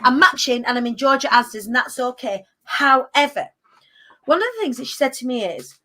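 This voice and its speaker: Brief: woman in her thirties, podcast host, high bright voice, chatty storyteller who acts out quotes. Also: lively intonation, a little fast. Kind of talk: casual chat.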